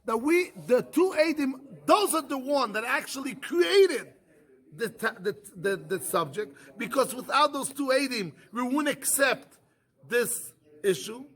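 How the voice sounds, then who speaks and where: A rabbi with a high voice leads a yeshiva Talmud class. He teaches by firing rhetorical questions at the room, doubling back to repeat and restart his phrases as he works through the argument. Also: animated, a little slow, a bit bright.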